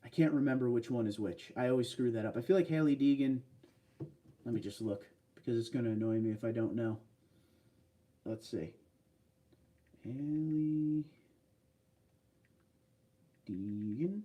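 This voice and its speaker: Man, livestream host, casual chat, mellow voice, slightly distant mic. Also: medium pitch, brisk. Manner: relaxed, chatty, reads and answers viewer comments. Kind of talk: casual live stream chat.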